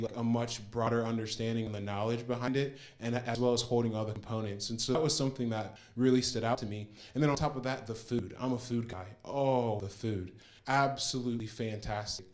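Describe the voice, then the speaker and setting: A man's voice: medium pitch, steady tone, a little fast, a little mellow. An earnest young man giving a personal testimonial, retelling a story and repeating words for emphasis. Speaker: program participant giving a testimonial.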